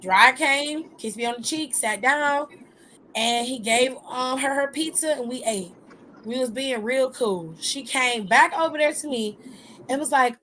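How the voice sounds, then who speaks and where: A woman hosting a talk show, retelling a personal story in a lively, animated way, with asides to her listeners. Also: high voice, measured pace, a little hiss or hum. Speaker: host.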